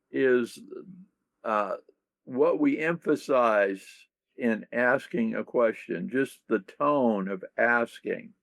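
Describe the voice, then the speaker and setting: A man talks slowly and reflectively as an interview guest, his voice gravelly and worn. The recording is dry with no room sound. He sometimes acts out example questions. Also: mid-range voice, no echo. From United States. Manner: slow, gravelly, thoughtful, acts out quoted questions. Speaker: guest leadership author.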